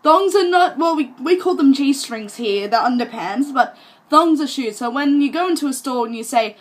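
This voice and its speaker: A woman's voice: sits high, lively intonation, moderate pace. A young woman from Australia with an Australian accent, chatting casually to camera in a rambling, self-amused way. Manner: chatty and rambling, laughs at herself. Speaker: vlogger.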